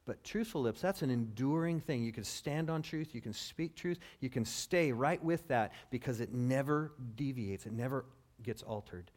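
A man preaching a sermon in a lively, conversational way, asking his listeners questions and acting out what people say. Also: mid-range voice, moderate pace. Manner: lively, conversational, acts out quoted speech; asks the audience questions. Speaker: pastor.

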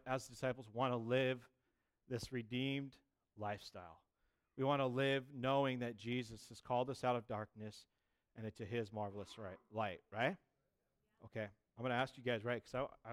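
A man preaching a sermon, telling a personal testimony in a chatty, lively way and acting out the voices of people he quotes. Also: mid-range voice, smooth. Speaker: pastor.

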